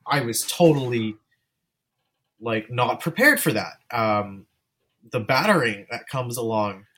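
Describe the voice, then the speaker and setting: A man's voice: medium pitch, lively intonation, slow pace, pushed and bright. Candid, rambling male filmmaker. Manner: candid, rambling, with frequent restarts. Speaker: guest filmmaker. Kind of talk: casual interview chat.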